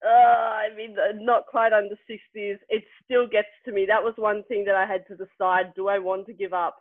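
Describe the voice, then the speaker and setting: A woman's voice: mid-range voice, flat delivery, normal speed. A young woman telling a story as the interview guest, chatty, laughing often and using many fillers. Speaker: guest athlete. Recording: tinny dry phone-like line.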